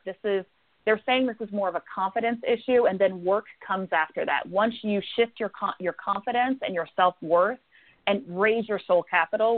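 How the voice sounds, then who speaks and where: Woman giving psychic readings over a tinny line. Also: mid-range voice. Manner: warm, affectionate, repeats "okay?" often. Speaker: psychic reader on a call-in show. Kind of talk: intuitive reading for callers. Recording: tinny phone-line sound.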